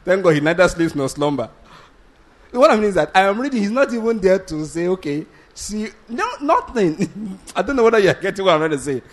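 Male preacher, blunt, lively delivery in a slightly higher register, keeps checking the congregation follows. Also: fast. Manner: animated, blunt, asks the congregation rhetorical questions; laughs between points, restarts sentences. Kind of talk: sermon.

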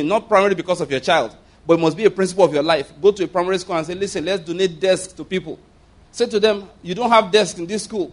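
Emphatic Nigerian preacher man, higher-pitched. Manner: emphatic, repetitive, conversational preaching with laughs. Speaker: pastor. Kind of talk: sermon.

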